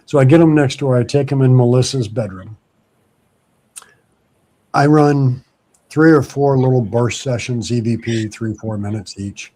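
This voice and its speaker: A man's voice: medium pitch, a little slow, long pauses. A man casually telling an anecdote on a podcast, acting out the people in it as he goes. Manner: animated anecdote telling with acted quotes.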